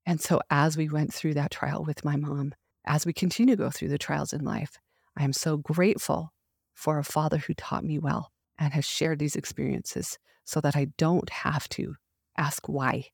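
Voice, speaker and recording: A woman's voice: low voice, fairly even intonation, normal speed, creaky, darkish tone, slightly rough, no room sound. Earnest middle-aged woman, dry close sound. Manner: earnest, heartfelt, emphatic. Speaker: podcast host. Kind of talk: faith devotional talk.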